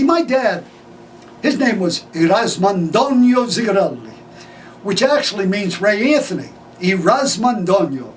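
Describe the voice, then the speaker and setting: An older man telling family stories with a high, very lively voice that rises and falls freely. He laughs often and acts out dialogue as he goes. He is heard from a distance over faint background noise. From United States. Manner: animated, laughing storyteller acting out family dialogue. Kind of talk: personal storytelling.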